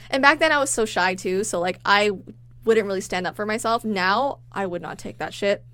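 A young woman co-hosting a podcast, telling a story in a casual, animated way and acting out the people in it. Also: medium pitch, moderate pace, long pauses. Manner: animated, acts out quoted customers. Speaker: podcast co-host.

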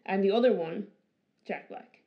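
Woman co-host, mid-pitched, chatty and loose, lo-fi podcast sound. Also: normal speed. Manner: chatty, laughs often, many fillers. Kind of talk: casual chat.

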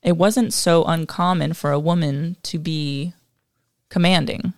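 A woman's voice: sits low, steady tone, unhurried, darkish tone, no echo, clean studio sound. A woman co-hosting a casual history podcast, explaining from her notes with filler words and self-deprecating asides. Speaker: podcast co-host.

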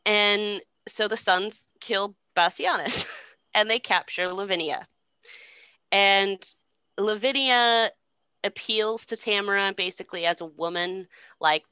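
A woman's voice: medium pitch, takes it slowly, pushed and bright, clear, resonant tone, no room sound. A young woman casually retelling a play with irreverent, slangy humor and frequent swearing. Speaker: storyteller.

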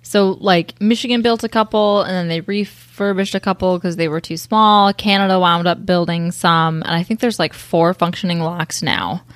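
A woman's voice: fairly low pitch, fairly even intonation, normal speed, few pauses, no echo. Dry-voiced woman telling a history story. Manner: laughing, joking storyteller. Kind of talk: casual chat.

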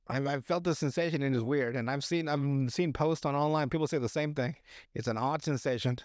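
A man's voice: medium pitch, a little fast, no echo, studio quality. A man hosting a podcast, casually recapping a movie in a loose, rambling way, swearing and laughing often. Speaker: podcast host.

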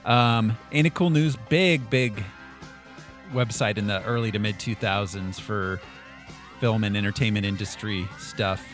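A man's voice: on the low side, a little slow, fairly bright tone, faint music behind. A man hosting a casual movie podcast, joking and laughing often as he talks. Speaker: podcast host.

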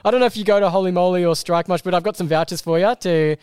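A man's voice: high-pitched, steady tone, rapid-fire, a little mellow, clear, resonant tone, no room sound, clean studio sound. A young Australian man hosting a casual podcast, chatty and upbeat, laughing often. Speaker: podcast host. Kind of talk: casual chat.

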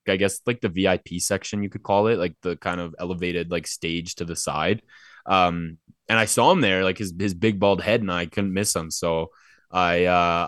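Low-voiced young man, rambling casually. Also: a bit bright, dry recording, studio quality. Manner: rambling, many fillers. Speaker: podcast co-host. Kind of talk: casual chat.

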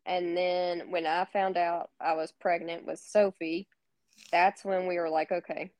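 A woman's voice: on the low side, flat delivery, unhurried, darkish tone, no echo. A woman co-hosting a casual interview podcast, telling stories in a chatty way and laughing easily. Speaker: podcast co-host.

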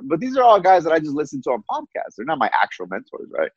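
A man tells his story with energy, tumbling through it quickly and doubling back on words. The sound is dull and lo-fi. The room gives no echo. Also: on the high side, gravelly, breathy edge. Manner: animated, fast, repeats words. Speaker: guest. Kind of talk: casual storytelling. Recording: dull lo-fi audio.

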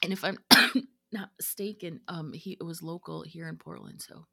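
A woman co-hosting a podcast in casual chat, sick with a cough, her voice husky and deepened, chatty and trailing off with fillers. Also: steady tone, normal speed, bright, forceful tone, dry recording, clean studio sound. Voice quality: husky, gravelly. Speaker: podcast co-host.

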